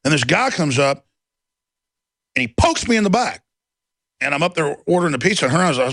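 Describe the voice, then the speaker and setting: A man's voice: on the high side, lively intonation, a little fast, long pauses, a bit bright, no room sound. A middle-aged man hosting a talk radio show, ranting and telling stories, acting out the voices of the people in them. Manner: ranting, storytelling, acts out quoted voices.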